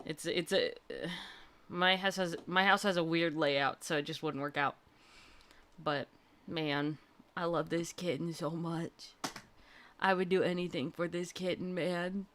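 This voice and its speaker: A woman's voice: fairly low pitch, fairly even intonation, measured pace, fairly bright tone. A young woman hosting a livestream, chatting casually and gushing through a personal story with lots of fillers. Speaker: livestream host.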